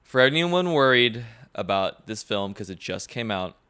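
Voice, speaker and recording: A laid-back man co-hosting a podcast in relaxed conversation. He trades dry jokes and teasing remarks, unhurried and amused. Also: on the low side, clear, resonant tone. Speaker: podcast co-host. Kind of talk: casual chat.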